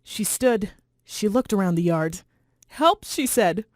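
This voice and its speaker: A woman reading chapters of a children's novel aloud in a measured, steady narration. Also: mid-range voice, no echo, studio quality. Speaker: reader. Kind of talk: storybook read-aloud.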